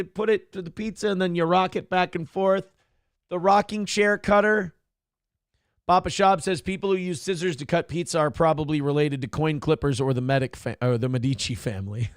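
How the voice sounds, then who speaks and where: A man's voice: fairly high pitch, no room sound, studio quality. A man hosting a morning show, chatting casually, reading viewer comments, and swearing and joking at his own expense. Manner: profane, joking, self-mocking rants.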